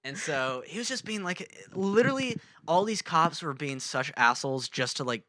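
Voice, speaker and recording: Animated young man telling a story. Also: a little high, moderate pace, dry recording, studio quality. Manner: animated storyteller, acts out loud quoted shouts. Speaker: podcast co-host. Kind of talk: casual storytelling chat.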